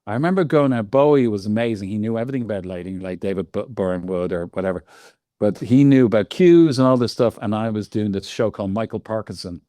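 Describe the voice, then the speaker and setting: An Irish man in his sixties, a guest on an interview show, telling lively stories full of laughs and quoted voices. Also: lowish voice, quick pace, no echo. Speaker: guest lighting designer. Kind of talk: casual interview storytelling.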